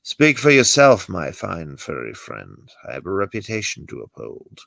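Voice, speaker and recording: Casting: man reading a wisecracking weary Jedi hermit, low gravelly voice, swinging pitch. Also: normal speed, no room sound, exaggerated voice. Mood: wry. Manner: sardonic, lively delivery. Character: dry-witted exiled male Jedi master. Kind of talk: amateur script read-through.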